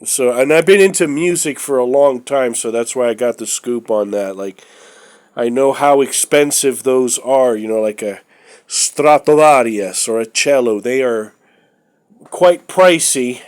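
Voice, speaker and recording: A man from the US with a cold-stuffed nose shows off items in a casual vlog, speaking at a measured pace. His medium-pitched voice is clear, resonant and a little mellow, while his talk is rambling, hesitant and opinionated, full of fillers.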